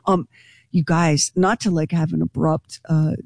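A woman's voice: sits low, vocal fry, no room sound, clean studio sound. A woman radio host chatting casually and gossiping with her co-hosts. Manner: gossipy and animated, quick asides.

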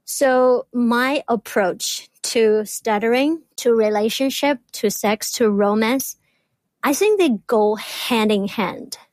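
A woman's voice: on the high side, no room sound. A woman in her thirties who stutters, a doctoral student speaking openly and reflectively as an interview guest. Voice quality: stutters, with repeated words. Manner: slow, reflective and open. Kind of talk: candid interview talk.

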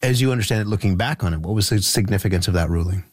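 A man hosts an interview in a very low, deep voice. He asks measured questions and sometimes restarts a phrase. The sound is dry and close. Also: no room sound. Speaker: interviewer host. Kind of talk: radio interview.

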